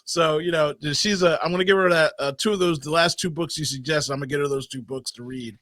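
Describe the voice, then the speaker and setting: Lively, bright-voiced male interview host. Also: a little high, fast talker, no room sound, clean studio sound. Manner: animated storyteller. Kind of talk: casual conversation.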